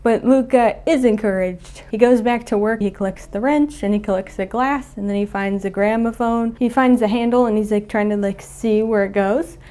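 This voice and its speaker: A woman's voice: medium pitch, moderate pace, hardly any pauses, mellow. A young woman casually retelling a cartoon plot in a rambling way full of fillers, chuckling now and then. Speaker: video creator.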